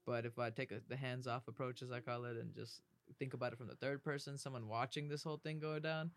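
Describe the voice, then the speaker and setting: A man's voice: mid-range voice, steady tone, fast. A man in casual podcast chat, talking earnestly and reflectively, dropping "bro" now and then.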